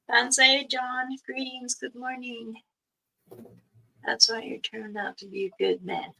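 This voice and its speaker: A woman's voice: on the high side, flat delivery, slow, vocal fry, long pauses, sharp tone. A middle-aged woman hosting a livestream, telling stories in a casual chat, acting out quoted dialogue and laughing often. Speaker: livestream host. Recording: voice a bit far from the mic.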